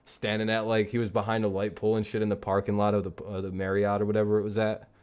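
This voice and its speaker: A man's voice: lowish voice, monotone, quick pace, a little mellow, clean tone. A man hosting a casual live football talk stream, rambling and joking with plenty of swearing. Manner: rambling, profane, laughing jokily. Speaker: streamer and host.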